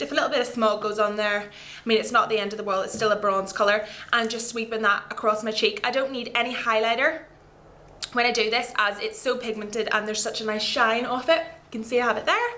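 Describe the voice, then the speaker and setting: A woman's voice: a little high, bright, forceful tone. A woman vlogger chatting casually and enthusiastically about her favourite makeup products, with rambling asides as she demonstrates them to the camera. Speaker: beauty vlogger.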